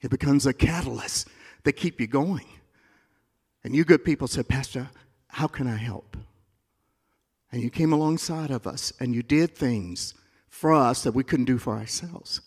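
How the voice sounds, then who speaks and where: A man's voice: medium pitch, normal speed, pauses often, slightly rough. Impassioned male pastor in echoey hall. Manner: impassioned preaching that swings between soft asides and loud climaxes. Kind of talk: sermon. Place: church.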